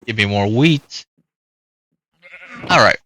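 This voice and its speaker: A chatty male gamer commenting casually on his play, with a bright, forceful voice. He talks to the animals on screen as he goes. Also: lowish voice, lively intonation, slow pace. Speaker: gaming youtuber.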